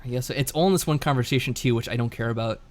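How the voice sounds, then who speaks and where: A man's voice: medium pitch, very fast. A man streaming a visual novel, chatting casually and reading the narration aloud. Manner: laid-back, reads narration aloud with lively inflection.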